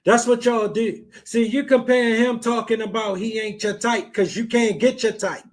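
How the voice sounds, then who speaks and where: Male podcast host, very high-pitched, blunt and repetitive. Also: fairly even intonation, normal speed. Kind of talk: blunt advice talk.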